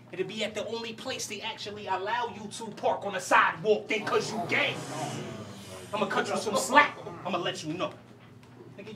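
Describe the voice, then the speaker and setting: A man's voice: high-pitched, distant mic. A man from Louisiana rapping battle verses, boastful and menacing, repeating lines for the crowd. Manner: boastful, menacing punchlines delivered deliberately. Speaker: battle rapper. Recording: voice from off mic with a loud cheering crowd.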